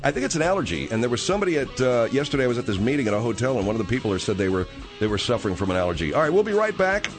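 A man's voice: lowish voice, lively intonation, very fast, faint music behind. A man hosting a radio talk show, bickering with his co-host and coughing from a tickle in his throat. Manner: exasperated, bickering.

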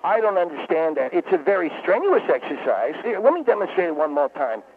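A man's voice: fairly high pitch, sing-song, a little fast, breathy edge, exaggerated voice. A man playing a touchy male doctor with slurred, mumbled, hard-to-understand speech. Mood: defensive. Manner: touchy and defensive. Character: garbled-talking male doctor, former lion tamer. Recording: tinny phone-like line.

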